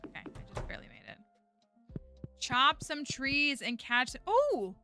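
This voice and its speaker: A woman streams a game, chatting casually and rambling with lots of fillers like "like" and "um." Her voice is high-pitched, sing-song, bright and forceful at a moderate pace, with soft background music.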